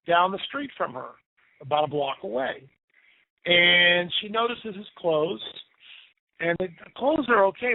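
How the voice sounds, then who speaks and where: A man telling spooky stories in a casual, animated way on talk radio, often repeating himself for effect. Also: high voice. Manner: animated, tells spooky stories with emphatic repetition. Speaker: radio guest storyteller. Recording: tinny phone line, dry.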